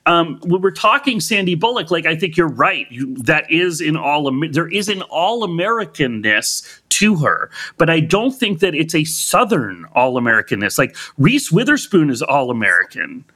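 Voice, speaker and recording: A man's voice: on the high side, sing-song, normal speed, few pauses, pushed and bright. A man co-hosting a podcast, arguing his side in a casual debate, hedging often and using lots of "like" fillers. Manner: hedging, argumentative, many "like" fillers. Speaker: podcast co-host.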